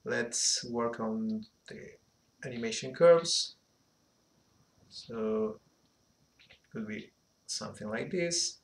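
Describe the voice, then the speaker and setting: A man giving an unhurried animation software tutorial, thinking aloud as he works, with a slight phrasing. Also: medium pitch, slight background noise. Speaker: animation instructor. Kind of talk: screen-recorded software tutorial.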